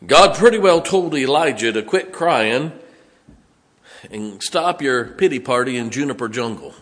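A man preaching a sermon, dropping to quiet low asides and then rising to loud, emphatic exhortation. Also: lively intonation, unhurried. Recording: long reverb of a large hall.

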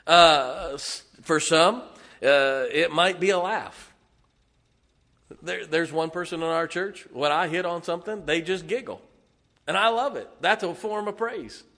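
A man preaching a sermon as pastor, animated, throwing rhetorical questions and "amen?" at his congregation with homely humor. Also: on the high side, a little slow.

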